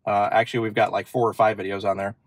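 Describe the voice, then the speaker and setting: A man's voice: fairly low pitch, flat delivery, fast, no room sound. A man hosting a car channel, chatting casually and thinking aloud with fillers as he shows features from inside his parked car. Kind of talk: casual demo walkthrough.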